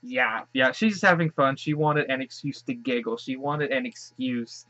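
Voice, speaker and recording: A man at a middle pitch rambles happily through his reaction to an episode, gushing over what he sees and often circling back to restart a thought. The recording is a little dull and lo-fi, like a home setup. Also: moderate pace, pushed and bright, no echo. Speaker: show reaction host. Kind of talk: casual reaction commentary.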